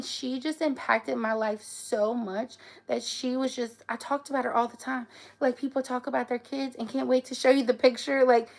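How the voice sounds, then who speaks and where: A woman's voice: fairly high pitch, creaky. A woman hosting a casual live stream, talking emotionally and often tearfully. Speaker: livestream host.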